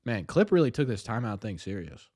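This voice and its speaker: A young man hosting a live watch party, joking and bantering with his chat in a self-mocking, excitable way. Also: fairly low pitch, brisk. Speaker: livestream host.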